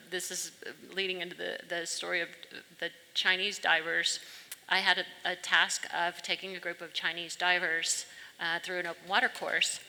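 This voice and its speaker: A woman's voice: on the low side, sharp tone, slight background noise. A woman speaking on a panel, telling a story from her own work in an earnest way. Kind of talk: panel discussion, anecdote. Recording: reverberant hall.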